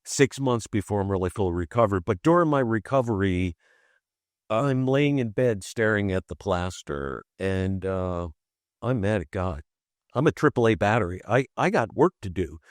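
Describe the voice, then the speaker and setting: A man, a podcast guest, telling a personal story in conversation, halting and repeating himself as he restarts phrases, and acting out the voices he quotes. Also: fairly low pitch, dry recording, clean studio sound. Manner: animated, acts out quoted voices.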